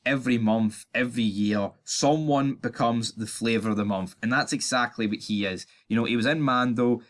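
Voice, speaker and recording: A man's voice: medium pitch, a bit bright. A young man with a Scottish accent hosts his own channel, ranting his opinions in a blunt, sarcastic, sweary way and often stumbling over his words. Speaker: YouTube channel host.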